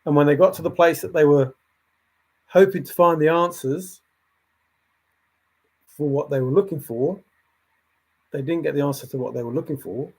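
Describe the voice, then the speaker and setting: A man's voice: fairly high pitch, moderate pace, long pauses, darkish tone, slightly rough. A man hosting a livestream, thinking aloud in a rambling way and answering chat comments as they come in. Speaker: livestream host.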